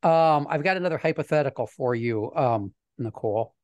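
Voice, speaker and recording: A man's voice: medium pitch, lively intonation, normal speed, a little mellow, no echo. A man hosting a casual podcast from a home studio, stopping often with ums and uhs as he lines up his questions. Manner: hesitant, lots of ums and uhs. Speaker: podcast host.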